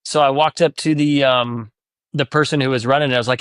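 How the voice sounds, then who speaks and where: A man's voice: mid-range voice, steady tone, fast talker, a bit bright, smooth, dry recording, studio quality. A podcast host in casual chat, animatedly telling a story and acting out the voices he quotes. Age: adult, divorced four years ago.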